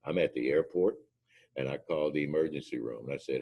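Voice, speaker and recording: A man with an extremely low, gravelly voice tells war stories from his drill instructor days. His tone is husky and rough at the edges, and he punches his points hard, slipping into the voices of the people in his tales. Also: fast, muffled recording. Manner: emphatic storyteller, acts out quotes. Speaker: speaker, former drill instructor. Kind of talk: anecdotal motivational talk.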